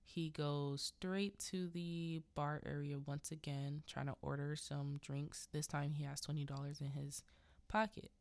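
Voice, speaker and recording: Slow, low-voiced woman recapping a film. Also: flat delivery, gravelly, a little mellow, no echo. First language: a language other than English. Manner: rambling, laughs between lines, fillers like yada yada. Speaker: podcast host. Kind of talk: casual movie recap.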